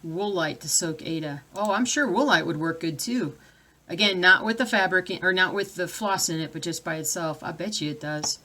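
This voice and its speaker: A woman's voice: fairly low pitch, moderate pace, pushed and bright. Chatty woman reading viewer comments. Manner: chatty, reads viewer comments aloud, distracted by her dogs. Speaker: cross-stitch vlogger. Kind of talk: casual live-stream chat. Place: home.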